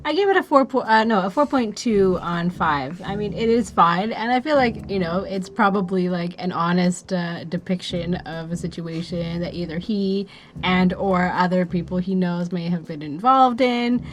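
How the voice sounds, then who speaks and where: Female podcast co-host, lower-pitched, relaxed and tentative in delivery. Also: normal speed, a little hiss or hum. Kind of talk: casual album review chat.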